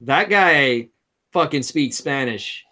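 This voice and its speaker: A man's voice: mid-range voice, lively intonation, slow pace, pushed and bright. A man co-hosting a casual wrestling podcast, teasing the others bluntly and swearing a lot. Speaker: podcast co-host. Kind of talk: casual round-table chat.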